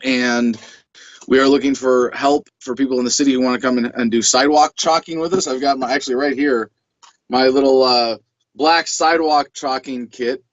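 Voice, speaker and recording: A man guest in a casual interview, chatty and quick to laugh, often restarting his sentences. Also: medium pitch, steady tone, no room sound. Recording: dull dry remote audio.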